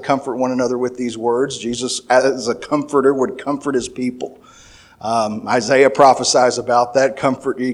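A man preaching a sermon at a middle pitch. He reads scripture passages aloud, then unpacks them in looser talk full of restarts and fillers, rising in pitch and volume when he drives a point home. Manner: grows louder and higher when stressing points.

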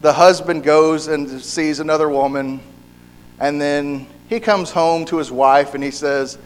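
A man's voice: a little high, animated, a little slow. A man preaching a sermon in a conversational way, often repeating words and briefly acting out the people he quotes. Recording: hall reverb.

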